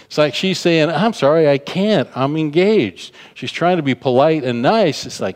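A man's voice: fairly high pitch, expressive, moderate pace, hardly any pauses. A man preaching a sermon, telling a story and acting out the people in it, repeating phrases for emphasis. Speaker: pastor. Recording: long hall reverb.

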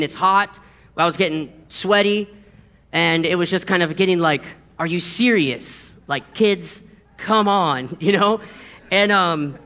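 A man in his thirties delivers a sermon in a very high, bright voice. He tells stories with a chuckle and repeats key words for emphasis. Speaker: preacher.

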